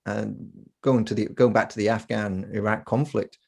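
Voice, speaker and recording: Gravelly low-voiced man, earnest and stammering podcast host. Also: fairly even intonation, moderate pace, a little mellow. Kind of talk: casual podcast conversation.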